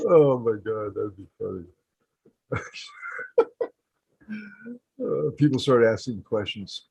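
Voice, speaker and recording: A man's voice: medium pitch, sing-song, slow pace, gravelly, long pauses, darkish tone, slightly rough, no echo. A man chatting casually on a podcast, playful, laughing often and acting out silly phone voices. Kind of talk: casual chat. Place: home setup on a video call.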